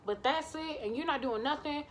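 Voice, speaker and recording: A woman's voice: sits high, brisk, close to an everyday voice. A woman voicing her suspicious wife in a retold story, with a confrontational, blunt and profane manner. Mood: angry, demanding. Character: woman's angry suspicious wife, loud and demanding.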